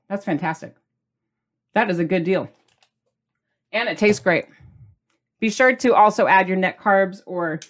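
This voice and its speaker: Bubbly middle-aged lady chatting through a cooking demo, tasting as she talks. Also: lowish voice. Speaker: cooking channel host.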